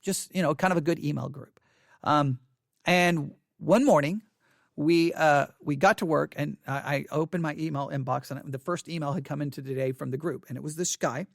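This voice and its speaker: Man, high voice, casual commentary, emphatic, restarts phrases. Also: vocal fry, no echo, clean studio sound. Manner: emphatic, restarts words often.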